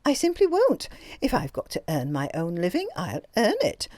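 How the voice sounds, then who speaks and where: A woman reading an audiobook voices a timid young female secretary who turns petulant and stubbornly defiant, in a high, shrill voice. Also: huge pitch swings, moderate pace, darkish tone, no echo, heavily acted. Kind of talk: audiobook character voice.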